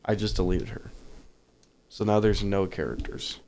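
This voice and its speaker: A man's voice: on the low side, moderate pace, gravelly, darkish tone. A man streaming a game, casually thinking aloud about what to do next. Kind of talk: live game commentary.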